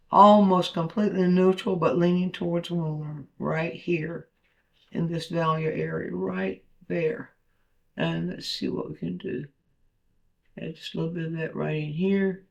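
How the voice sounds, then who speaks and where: High-voiced man teaching while painting. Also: gravelly, muffled recording. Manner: thinks aloud while painting, with fillers and restarts. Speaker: painting instructor. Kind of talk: painting demonstration talk.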